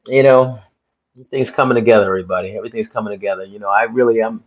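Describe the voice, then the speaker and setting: A man's voice: on the low side, steady tone, racing. A man hosting a casual livestream from his phone at home, chatting to viewers in a rambling way and repeating himself. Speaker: livestream host. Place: home room. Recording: slightly dull phone audio.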